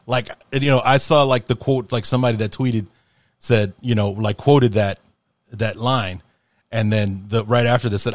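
A man's voice: mid-range voice, moderate pace, no echo. A man hosting a casual solo podcast, talking in an impassioned, rambling and profane way. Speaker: podcast host.

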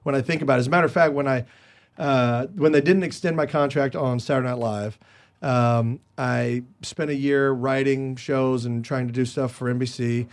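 A man as an interview guest, telling stories casually and with energy, jumping higher in pitch when he quotes others. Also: moderate pace. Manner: animated, jumps higher when quoting others; chatty with many restarts. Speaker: guest comedian.

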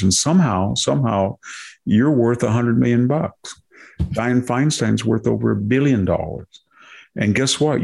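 Older man, low gravelly husky voice, sardonic political commentary, rhetorical questions. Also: a little mellow. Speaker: podcast host.

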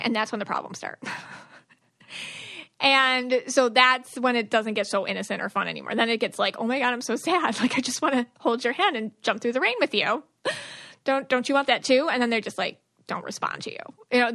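A woman's voice: fairly high pitch, no echo. Chatty woman podcast host, dry sound. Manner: chatty, animated, many fillers. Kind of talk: casual spiritual relationship talk.

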